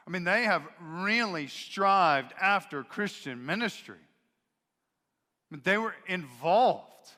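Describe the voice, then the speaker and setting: A male pastor delivering a sermon with a bright, forceful tone, pitched a bit above the usual man's voice. He preaches expressively and leans into the quoted voices for emphasis. His voice rings with a long reverb from the church sanctuary. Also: animated, a little slow.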